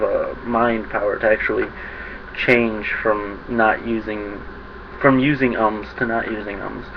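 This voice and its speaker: A young man rambling to the camera in a casual vlog, self-conscious and quick to laugh at his own slips. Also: mid-range voice. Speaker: vlogger. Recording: dull lo-fi webcam audio with faint hiss.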